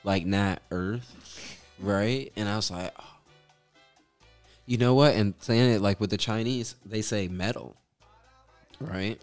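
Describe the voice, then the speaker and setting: Brief: low-pitched male co-host telling loose, rambling stories, faint music underneath. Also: unhurried, a little mellow. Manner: rambling storyteller who acts out the people in his stories. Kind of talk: casual chat.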